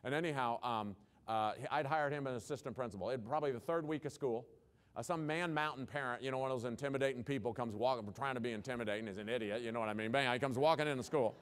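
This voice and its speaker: A man's voice: medium pitch, fast. A man who is a former principal, giving a keynote talk to school leaders with punchy rhetorical questions and folksy humor. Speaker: education speaker, former principal.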